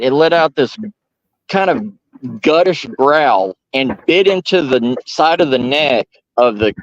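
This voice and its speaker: A young adult man from Georgia, telling a long story at a firepit in a halting, rambling way with many restarts. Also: a little high, no echo, highs cut off. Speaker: storyteller host. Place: outdoors by a firepit.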